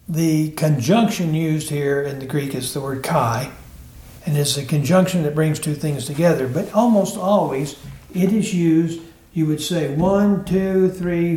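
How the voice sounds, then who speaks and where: A man teaching a Bible class, earnest and deliberate, slowing down to stress key words. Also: on the high side, darkish tone, echoey room. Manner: earnest teaching with slow, emphatic phrasing. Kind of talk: Bible lesson.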